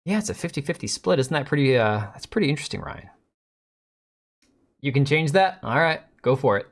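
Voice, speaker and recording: A man's voice: fairly high pitch, very animated, fairly quick. A man in his forties hosting a casual live stream, joking sarcastically and answering chat.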